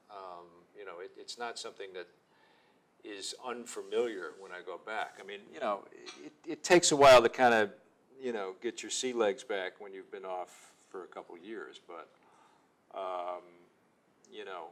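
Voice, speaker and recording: A man being interviewed as an actor, talking in a low-key, thoughtful and self-deprecating way. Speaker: actor guest. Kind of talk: casual interview talk.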